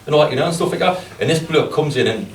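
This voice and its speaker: Man, football manager, strong accent, rapid and self-mocking; distant, roomy press-conference sound. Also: on the high side, expressive. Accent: strong regional accent. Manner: chatty, self-deprecating, laughs at own stories. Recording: echoey room, distant mic, faint noise.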